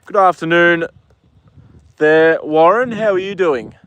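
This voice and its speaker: Relaxed Australian male host, casual outdoor stream chat, talks to his horse between comments. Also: on the high side, takes it slowly, clear, resonant tone, lo-fi sound. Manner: easygoing, chats to his horse and reads viewer comments. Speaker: livestream host.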